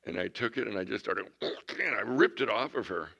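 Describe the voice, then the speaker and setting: A man in his sixties preaching a folksy sermon, swinging from loud bursts to hushed tones. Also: lowish voice, expressive, moderate pace, gravelly, dull audio. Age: 60s. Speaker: pastor.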